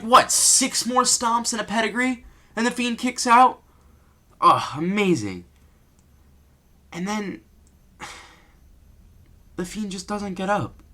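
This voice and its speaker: Man, lively pitch, higher side, ranting vlogger, exasperated. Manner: exasperated, ranting, rhetorical questions. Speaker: wrestling commentator vlogger. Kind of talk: unscripted rant.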